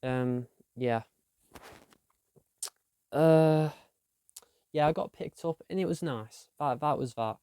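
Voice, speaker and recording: Teen male vlogger, unhurried and rambling, clear voice, dry close sound. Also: on the high side, warm tone, no echo. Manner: rambling, self-deprecating, trailing off. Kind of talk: casual weekly diary vlog.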